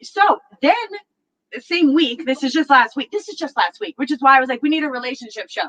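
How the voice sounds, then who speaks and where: A woman's voice: high voice, fairly quick, slight background noise, rough recording. A woman hosting a talk show, chatting casually and acting out what others said, laughing often. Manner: animated, acts out quotes, laughs often. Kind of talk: casual storytelling chat.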